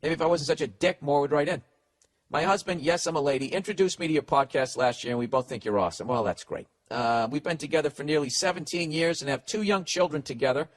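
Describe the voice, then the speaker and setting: A man's voice: a little high, quick pace, no echo. A man hosting a podcast, giving blunt, profane, rambling comedic advice. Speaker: podcast host.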